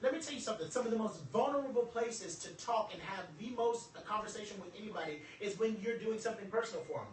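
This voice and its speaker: Animated joking male speaker, echoey room. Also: high voice, fast, few pauses. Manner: animated, joking, preacher-like delivery. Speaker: motivational speaker. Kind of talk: live talk to an audience. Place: event room with audience. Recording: echoey room from far off, some noise.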